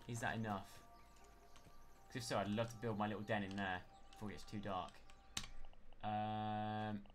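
A man with a West Country accent giving live, chatty commentary as he plays a game, narrating every move and breaking into panicked yells when things go wrong. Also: fairly low pitch. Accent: West Country English. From West Country of England. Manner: chatty self-narration, bursts into panicked yelling. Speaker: game streamer. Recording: steady background noise under the voice.

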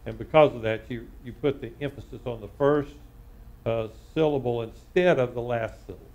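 A man teaching a live Torah class as a rabbi, reading Hebrew word by word and translating it with frequent pauses. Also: mid-range voice, darkish tone, lo-fi sound. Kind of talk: live Bible study lesson.

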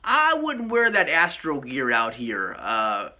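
A man's voice: mid-range voice, wildly swooping pitch, takes it slowly, pushed and bright. A man hosting a comic vlog sketch, giving mock-serious, fatherly warnings to a guest. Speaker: vlog host.

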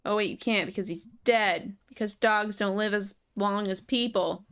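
A woman's voice: mid-range voice, steady tone, normal speed, a bit bright, smooth, close to an everyday voice. A woman reading the lines of a sardonic, self-deprecating young woman in a video game, dry and sarcastic.

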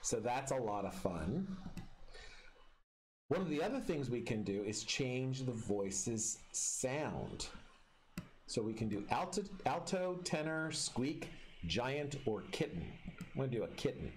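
A man's voice: mid-range voice, sing-song, measured pace. A man teaching a class through a screen-recorded tutorial, explaining each step in a friendly way. His voice rises and falls a lot as he talks. A faint hiss sits under the recording.

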